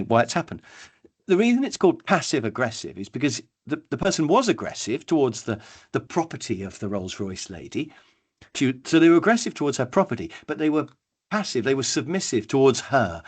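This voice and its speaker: A middle-aged man giving a webinar training talk, telling stories in a lively way and acting out the people in them. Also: mid-range voice, husky. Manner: lively storytelling, acts out quoted people. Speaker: workshop trainer.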